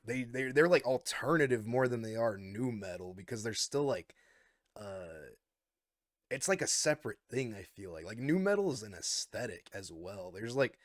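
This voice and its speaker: A man's voice: on the low side, lively intonation, moderate pace, no room sound. Rambling, inquisitive man, dry sound. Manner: questioning, rambling, swears casually. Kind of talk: casual podcast chat. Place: podcast studio.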